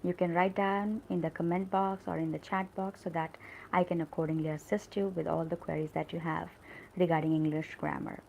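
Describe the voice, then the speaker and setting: Gravelly-voiced woman teaching English grammar. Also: on the low side, level tone, fairly quick, darkish tone, a little hiss or hum, low-quality recording. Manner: explains step by step, often asks "right?"; acts out example sentences with emphasis. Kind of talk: live-streamed grammar lesson.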